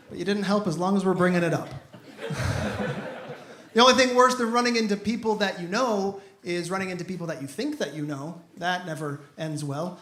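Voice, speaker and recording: A man in his thirties performing a stand-up routine, telling playful stories and acting out quick quotes. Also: high-pitched. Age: 30s. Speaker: stand-up comedian. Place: comedy club stage with live audience. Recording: echoey club with audience noise.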